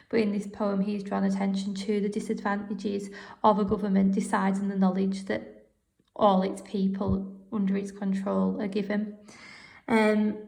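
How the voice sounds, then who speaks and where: A woman teacher talking through a poem's quotations in a steady, explanatory way, with occasional fillers. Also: medium pitch, gravelly. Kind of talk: recorded poetry analysis lesson.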